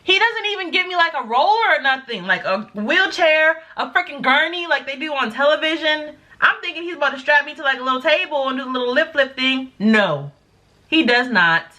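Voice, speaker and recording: A young woman recounts a story in a loose, chatty way, her voice bright and sitting a little high. She acts out each quote with big leaps in pitch. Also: animated, fairly quick. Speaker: vlogger telling a story. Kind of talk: casual storytime.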